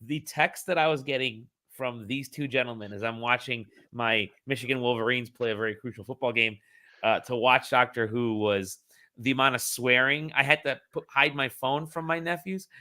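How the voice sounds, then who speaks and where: A man with a bright, forceful voice hosts a casual podcast. He talks in an easy, upbeat way and keeps the conversation moving. His voice sits at a middle pitch. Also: moderate pace. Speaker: podcast host. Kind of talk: casual chat.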